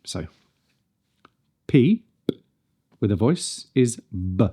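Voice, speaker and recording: A man's voice: on the low side, lively intonation, unhurried, mellow, highs cut off. A man teaching a pronunciation lesson, carefully demonstrating consonant sounds one at a time. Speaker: speech coach.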